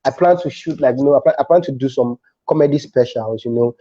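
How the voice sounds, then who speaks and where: A man with a Nigerian accent, a comedian chatting as a guest and telling stories with animated restarts. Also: medium pitch, fast, dull audio. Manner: animated storytelling with frequent restarts. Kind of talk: casual interview chat.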